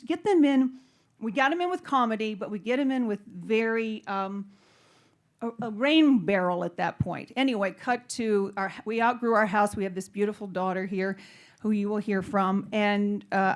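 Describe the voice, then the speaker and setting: A woman speaking on a panel, telling a personal story in a rambling, nervous way with many false starts. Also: a little high. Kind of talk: casual personal talk on stage.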